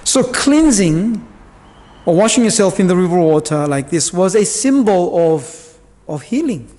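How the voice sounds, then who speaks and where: A man's voice: high voice, very animated, measured pace, a little mellow. A male pastor preaching a sermon in a church, explaining Bible verses in a conversational way with asides and fillers. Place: church hall. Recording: long church reverb.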